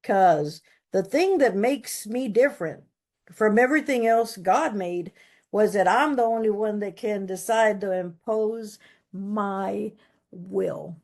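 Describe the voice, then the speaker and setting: A woman's voice: medium pitch, takes it slowly, darkish tone. A woman giving a candid, emphatic personal testimony at a recovery meeting, often repeating words for stress. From Texas.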